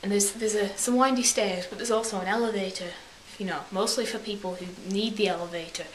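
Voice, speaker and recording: A young woman vlogger speaks briskly at medium pitch with a steady tone, rambling through a story in a put-on English accent. She acts out quotes in silly voices, recorded in an echoey room with faint hiss.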